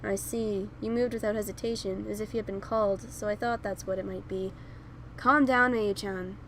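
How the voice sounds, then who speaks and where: A woman voicing an anxious young man who keeps urgently begging someone to calm down, with game music behind. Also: medium pitch, moderate pace, slight background noise, close to an everyday voice. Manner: urgent repeated calming pleas. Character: young man, anxious, pleading, then frantic.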